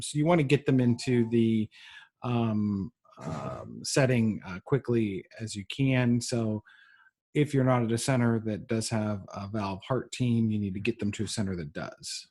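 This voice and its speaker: A man's voice: medium pitch, a little mellow. Guy giving a medical lecture, lots of ums and uhs, stop-start delivery. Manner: halting, frequent ums and uhs.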